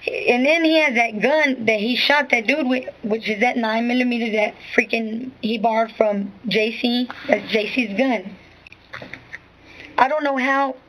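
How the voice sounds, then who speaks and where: A woman with a somewhat high voice tells her account to an interviewer. She rambles, curses freely and keeps restarting her sentences with filler phrases. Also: a bit bright, rough recording. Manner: rambling, profane, full of restarts and "you know what I'm saying". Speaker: witness being questioned.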